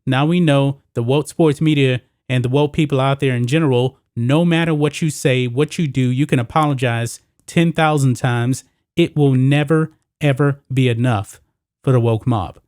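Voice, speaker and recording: This is a man with an ordinary mid-range voice hosting a sports opinion show. He talks emphatically and climbs in pitch when he hits a point. The sound is close and dry. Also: steady tone, moderate pace, a little mellow, dry recording. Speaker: sports commentary host. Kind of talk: opinionated solo commentary.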